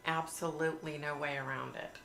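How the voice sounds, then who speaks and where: A woman's voice: low-pitched, fairly even intonation, brisk, creaky, fairly bright tone. A woman hosting a casual livestream, chatting and reading viewer comments aloud. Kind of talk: casual live chat. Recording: echoey room with faint hiss.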